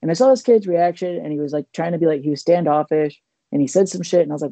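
A man's voice: fairly high pitch, rapid-fire, vocal fry, no room sound. Rambling man telling a podcast story. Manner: rambling, animated, many restarts and fillers. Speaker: comedian and podcast co-host.

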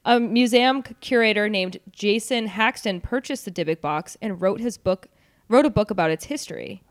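A woman hosts a relaxed chat, reading stories aloud and breaking off into joking asides. Her voice sits in the middle range and sounds dry and close, with no room around it. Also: mid-range voice, normal speed, no room sound. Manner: loose and joking, reads with fillers and asides. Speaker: podcast host.

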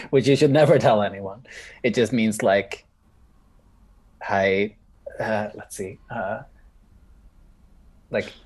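Slow, hesitant man. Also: lowish voice, breathy edge. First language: Swedish. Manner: hesitant, bashful. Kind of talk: casual chat.

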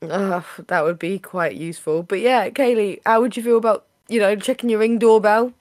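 Chatty podcast host lady, bit raspy today, mid pitch, dead dry mic. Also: normal speed, darkish tone, no echo. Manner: chatty, playful, laughs often. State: slightly raspy voice. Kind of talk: casual podcast chat.

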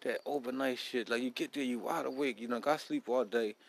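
A man's voice: mid-range voice, fairly even intonation, a little fast, vocal fry, low-quality recording. Profane rambling man. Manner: blunt, profane, rambling street talk. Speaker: podcast host. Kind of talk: casual solo podcast monologue.

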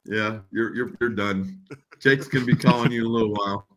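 A man's voice: fairly low pitch, fairly even intonation, a little fast, fairly bright tone. A man, an author guest, chatting casually and swearing, saying "man" a lot. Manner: laid-back, swears, says "man" often. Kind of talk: casual chat.

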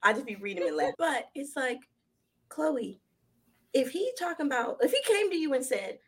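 A young woman co-hosting a podcast, chatting casually about celebrity gossip in an animated, slangy way and laughing often. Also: sits high, fairly quick, husky. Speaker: podcast co-host.

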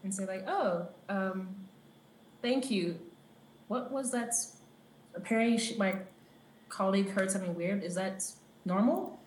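A woman player in a tabletop game speaks in halting bursts. Her voice carries a roomy echo, with faint noise behind it. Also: mid-range voice, a little mellow. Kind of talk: casual game talk. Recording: echoey room.

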